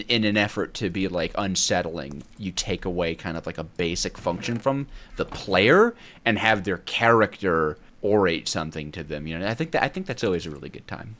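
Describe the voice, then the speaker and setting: A young man giving casual gameplay commentary, rambling and talking to himself as he plays. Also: lowish voice. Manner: animated, rambling, talks to himself. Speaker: gameplay YouTuber.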